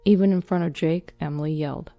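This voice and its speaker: Low-voiced woman reading a story. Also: quick pace, creaky, no room sound. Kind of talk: scripted first-person story narration. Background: soft background music.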